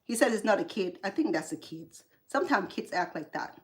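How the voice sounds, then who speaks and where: A woman's voice: medium pitch, animated, a little fast. A woman from Cambodia, an English learner, hosting a cooking livestream and angrily scolding a rude viewer with heated sarcasm. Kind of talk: angry livestream rant at a viewer.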